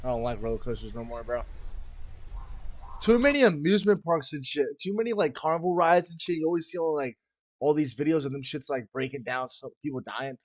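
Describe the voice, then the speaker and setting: A man's voice: on the high side, expressive, brisk, no room sound. A young man hosting a reaction video, chatting casually in slangy, profane talk and saying bro constantly.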